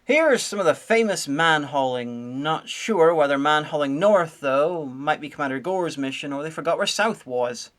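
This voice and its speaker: A woman giving a sarcastic, nitpicking comedic review, full of deadpan asides. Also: low-pitched, normal speed, hardly any pauses, a little hiss or hum. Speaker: video reviewer.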